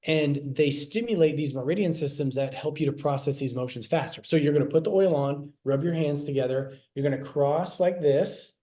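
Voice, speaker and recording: Mellow-voiced man teaching casually. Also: a little high, brisk, hardly any pauses. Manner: conversational, repeats himself, acts out quoted lines. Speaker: health class presenter.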